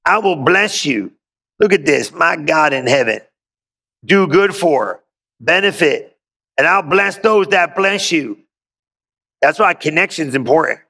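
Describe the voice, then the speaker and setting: A man's voice: a little high, lively intonation, measured pace, gravelly, pauses often, pushed and bright. A male pastor preaching a sermon, reading scripture aloud and breaking in with exuberant call-and-response asides.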